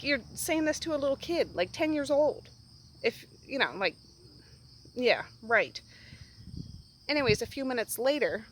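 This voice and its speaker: A woman hosting a casual book chat, rambling and animated as she recaps a story. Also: fairly high pitch, low-quality recording. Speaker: book review host.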